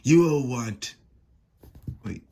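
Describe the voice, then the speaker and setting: A man's voice: mid-range voice, lively intonation, extremely slow, dark tone. Fields: Figure: a man voicing a gloating demon dream queen. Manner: gloating, taunting, with mocking laughs. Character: cruel female nightmare demon queen, mocking. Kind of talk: reading comic dialogue aloud.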